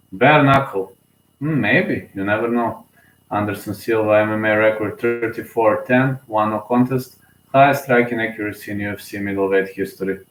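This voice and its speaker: A man's voice: fairly low pitch, echoey room, poor audio. A young man, giving casual solo live commentary on a fight, emotional and rambling, full of fillers and restarts, sleepy.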